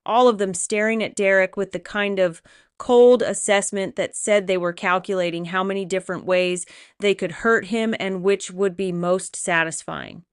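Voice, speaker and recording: A woman reading a first-person romance audiobook with steady, expressive storytelling. Her voice is smooth and clear at a middle pitch. The recording is close and dry. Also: moderate pace, dry recording. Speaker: audiobook narrator.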